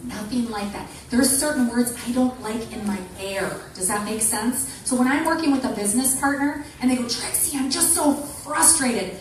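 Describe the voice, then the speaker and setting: A woman giving an animated motivational talk to a women's group, acting out the people she quotes. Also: a little high, brisk, hardly any pauses. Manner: animated, acts out quoted voices. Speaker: motivational speaker. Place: meeting room with an audience. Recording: echoey room from far off, faint noise.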